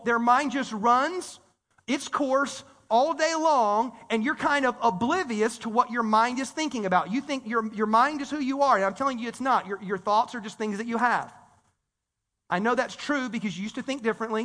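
High, bright-voiced man preaching in a hall. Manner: energetic, conversational preaching with repeated restarts. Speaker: pastor. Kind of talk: sermon. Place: church hall. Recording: reverberant church hall.

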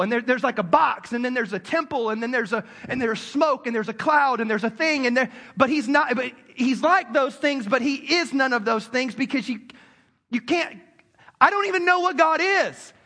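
High, bright-voiced male preacher. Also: moderate pace. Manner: conversational preaching with repetitions and asides. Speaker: pastor. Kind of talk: sermon. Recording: long hall reverb.

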